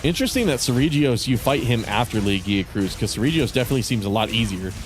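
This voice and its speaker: A young man rambling casually as he streams a game, profane and relaxed, restarting his sentences. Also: medium pitch, fast talker, soft background music. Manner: rambling, profane, laid-back. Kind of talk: casual gaming commentary.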